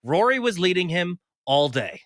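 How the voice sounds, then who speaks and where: A man's voice: sits high, big pitch swings, normal speed, fairly bright tone, dry recording, clean studio sound. A male radio co-host in easygoing, casual banter, explaining a small win.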